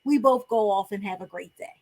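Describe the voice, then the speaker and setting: A woman's voice: medium pitch, fairly quick. A woman co-hosting a casual podcast chat, talking in a reflective, advice-giving way. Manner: earnest, reflective, gives advice. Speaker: podcast co-host.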